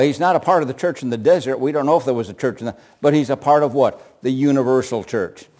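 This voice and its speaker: A man's voice: medium pitch, darkish tone. A man preaching a sermon, asking his listeners questions and answering them himself.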